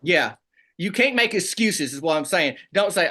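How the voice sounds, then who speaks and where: A man, a comedy guest telling boastful tall tales in a deadpan rural persona. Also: a little high, brisk. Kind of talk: comic storytelling in a rural persona.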